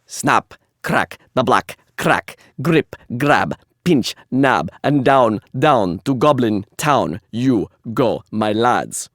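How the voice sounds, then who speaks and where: A gang of male goblins with a put-on Russian accent barks out a loud, rhythmic chant, as a male lecturer reads their song aloud. The sound is dry and close, with no room around it. The voice sits at a middling pitch. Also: expressive, slow pace, few pauses, no echo. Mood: gleeful menacing.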